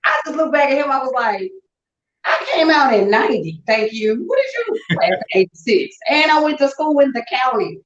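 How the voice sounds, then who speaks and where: A middle-aged woman with a St. Louis accent, co-hosting a casual chat and telling playful, animated stories. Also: high voice, normal speed, echoey room, dull audio, a little hiss or hum. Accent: St. Louis, Midwestern US. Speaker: co-host.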